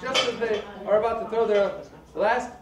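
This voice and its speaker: Man, very high voice, comedian telling stage jokes, echoey hall, crowd noise. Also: fairly even intonation, moderate pace, far from the mic. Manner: loose storyteller, puts on voices for the people in his jokes. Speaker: comedian in a family variety act. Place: large hall, live show.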